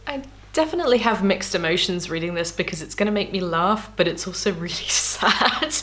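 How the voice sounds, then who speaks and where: A woman's voice: lowish voice, a little fast, fairly bright tone. A woman vlogging casually as she reads her old diaries aloud, candid and self-mocking, laughing often. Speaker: YouTuber.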